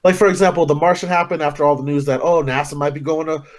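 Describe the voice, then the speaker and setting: A man's voice: on the high side, steady tone, quick pace. A young man co-hosting a casual podcast chat, cracking jokes in easy slang and laughing hard. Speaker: co-host.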